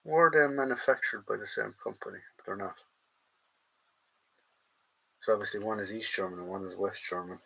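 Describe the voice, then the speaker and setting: A man's voice: on the low side, moderate pace, gravelly, long pauses, sharp tone, slightly rough, low-quality recording. A man with an Irish accent hosting a live stream in casual, rambling chat, talking to his viewers as lads. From Ireland. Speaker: host of a live collectibles stream. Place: at home, going through a drawer.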